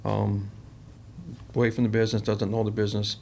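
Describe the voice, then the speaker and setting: A man's voice: fairly low pitch, little pitch movement, fairly quick, vocal fry, darkish tone, slight background noise. A man, a company president, telling workplace stories in a rambling, casual interview style and acting out the quoted dialogue. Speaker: company president, podcast guest.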